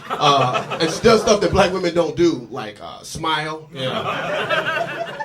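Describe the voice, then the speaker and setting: A man's voice: fairly high pitch, big pitch swings, slow, noisy background. A male stand-up comedian telling jokes onstage in a loose, conversational way and acting out other people's voices. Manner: conversational, acts out voices in quotes. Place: comedy club stage. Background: audience laughter.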